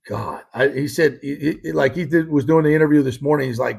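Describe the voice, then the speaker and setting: A man hosts a casual sports talk show with a gravelly, husky voice that sits a little high. His talk is loose and conversational, full of quick exclamations. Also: darkish tone. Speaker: host.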